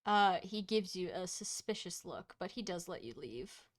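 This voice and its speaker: A woman's voice: lowish voice, lively intonation, moderate pace. A woman running a tabletop game as game master, chatty and full of fillers. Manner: chatty, laughs easily, filler-heavy.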